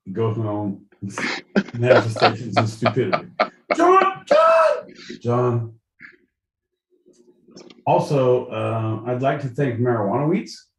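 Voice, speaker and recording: A man's voice: on the low side, echoey room, low-quality recording. A man co-hosting a podcast in casual chat, joking, teasing and swearing freely. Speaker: podcast co-host.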